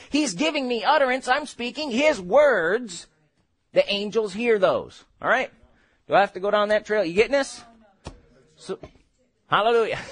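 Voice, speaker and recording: A male preacher delivering a sermon with a high voice that swings widely in pitch. He talks in a conversational way, checking in with the congregation and chuckling between points. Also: fairly bright tone.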